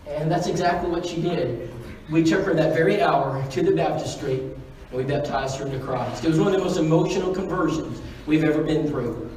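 A man's voice: a little high, a little fast, darkish tone, a little hiss or hum. A man preaching a sermon, telling a story in an earnest, pleading way with lots of repetition. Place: church auditorium. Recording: echoey church hall from far off.

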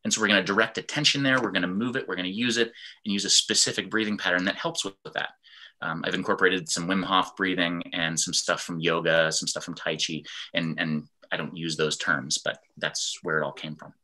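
A man teaching an online fitness class over a video call, explaining ideas calmly and acting out example sentences in different tones. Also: deep voice, fairly quick. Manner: animated, acts out example sentences in varied tones. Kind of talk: online class lecture with screen share.

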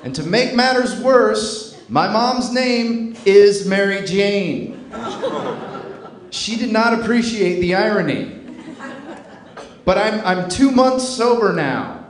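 Male stand-up comedian, deadpan and dry, high voice, roomy club sound. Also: takes it slowly. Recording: echoey club with loud crowd laughter.

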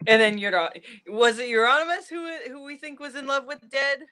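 Give me a bright, bubbly woman podcaster who laughs a lot and sounds very animated. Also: high voice, a little fast. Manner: giggly and animated. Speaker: podcast co-host. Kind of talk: casual chat.

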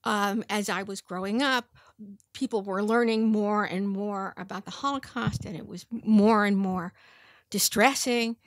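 A woman in her seventies, an audience member at a book talk, asking a question thoughtfully with hesitant pauses. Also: medium pitch, no echo, studio quality. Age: 70s. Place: bookstore event room.

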